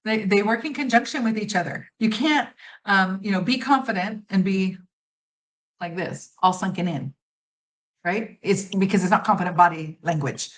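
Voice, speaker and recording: A woman's voice: medium pitch, moderate pace, rough recording. A middle-aged woman, a pageant judge and coach, giving confident, emphatic interview answers and acting out little quotes. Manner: confident, emphatic, acts out quotes, laughs easily.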